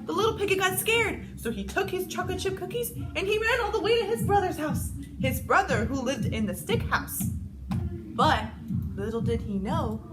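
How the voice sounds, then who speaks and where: Lively, sing-song storytelling woman. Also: very high-pitched, moderate pace, over music. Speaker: children's gym instructor. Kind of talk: storytime reading for children.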